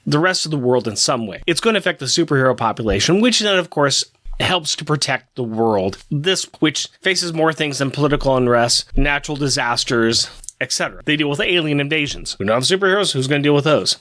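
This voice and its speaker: A man's voice: a little high, expressive, brisk, fairly bright tone, dry recording. A man co-hosting a casual podcast about comics, thinking aloud and putting questions to his co-host. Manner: thoughtful, asks questions, jokes with his co-host. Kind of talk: casual comic book discussion.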